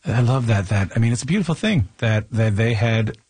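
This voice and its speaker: A man's voice: medium pitch, expressive, brisk, darkish tone, husky. A man hosting a radio interview, asking questions in a searching way and often restarting his phrases. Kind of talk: casual interview conversation.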